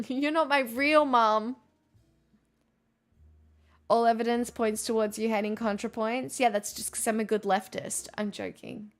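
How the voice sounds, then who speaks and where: A woman's voice: a little high, fairly even intonation, measured pace, long pauses, soft background music. Sarcastic ranting woman streamer. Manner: sarcastic, ranting, laughs often. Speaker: live streamer. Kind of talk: casual live-stream chat.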